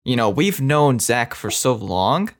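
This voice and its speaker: A young man co-hosting a podcast, teasing his friends with playful, deadpan banter in casual chat. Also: mid-range voice, unhurried. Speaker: podcast co-host.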